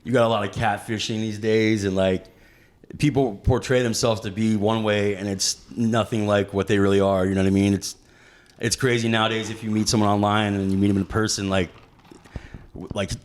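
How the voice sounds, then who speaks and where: A man with a lowish voice speaks as a guest on a casual podcast. He sounds easygoing and leans on fillers and loose phrasing as he makes his points. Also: fairly quick. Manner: relaxed, filler-heavy, says "you know what I mean". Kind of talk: casual chat.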